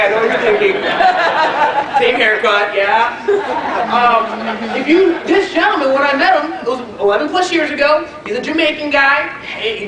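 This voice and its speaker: A man giving a motivational network marketing training, telling animated stories and quizzing the audience. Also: very high voice. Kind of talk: motivational speech to a live audience. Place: training event hall. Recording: echoey hall, distant mic.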